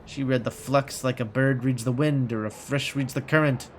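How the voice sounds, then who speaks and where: A tired, resigned man who has already died once, as a streamer reads him aloud from a game. He sounds quietly fatalistic, at a middle pitch. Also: fairly even intonation, moderate pace, a little hiss or hum, lightly acted. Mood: weary.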